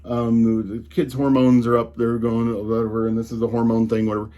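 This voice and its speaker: A man's voice: medium pitch, little pitch movement, a little fast, dark tone. A man with a slight Colorado drawl, ranting casually and with exasperation about tech, often restarting his sentences. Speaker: tech commentator.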